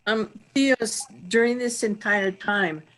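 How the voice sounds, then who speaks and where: A woman's voice: mid-range voice, slow, fairly bright tone. A woman on a webinar call, hesitantly describing a frustrating problem. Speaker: webinar participant asking a question.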